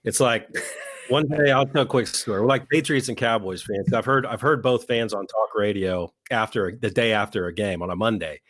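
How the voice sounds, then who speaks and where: A man co-hosting a podcast, talking politics in a heated, profane, mocking way, his voice jumping into high-pitched outbursts. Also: normal speed, a bit bright. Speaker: podcast co-host.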